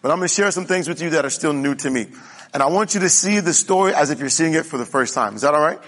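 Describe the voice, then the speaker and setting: A man's voice: a little high, expressive, fast talker, fairly bright tone. A male pastor preaching a conversational sermon, often checking in with the congregation. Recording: reverberant hall.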